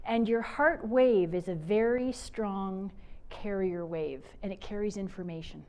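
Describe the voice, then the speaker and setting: A middle-aged woman from Canada giving a motivational talk, telling stories with animated swings from loud to soft. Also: mid-range voice, a little slow. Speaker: speaker.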